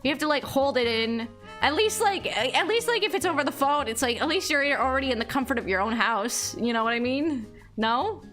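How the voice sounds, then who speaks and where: A young woman streamer chats her way through a story, circling back on herself with endless "like" and "you know what I mean". Her voice sits a little high and sounds very bright and forward. Soft music plays faintly behind her. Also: expressive, brisk. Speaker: livestreamer. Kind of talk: casual storytelling chat.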